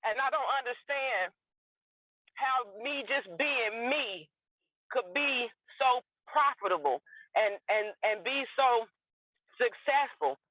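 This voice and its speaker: A woman's voice: on the high side, no echo. A woman caller giving a tearful, gushing testimonial on a group call. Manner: tearful, gushing, Southern-tinged folksy. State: near tears. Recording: tinny phone line.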